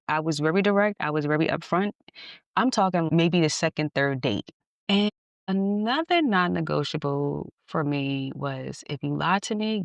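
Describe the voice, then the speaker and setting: A woman podcast host telling a personal story in a candid, animated way, laughing at times. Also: deep voice, dry recording. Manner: animated, candid, acts out dialogue, laughs often.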